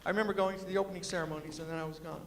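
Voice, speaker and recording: A man telling funny stories to an audience in a lively, animated way, with a New York accent softened by West Virginia, acting out quoted voices. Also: rapid-fire, slight background noise. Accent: New York with West Virginia influence. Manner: animated, acts out quoted voices with big pitch jumps. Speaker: storyteller and humorist giving a talk. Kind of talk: comic storytelling speech. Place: large lecture hall with audience. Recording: hall reverb.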